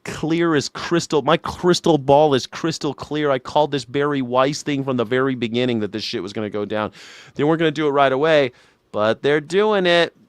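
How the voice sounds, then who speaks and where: A man's voice: mid-range voice, moderate pace, clear, resonant tone, dry recording. A man hosting a news reaction show, making sarcastic, mocking remarks between clips. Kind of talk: casual reaction commentary.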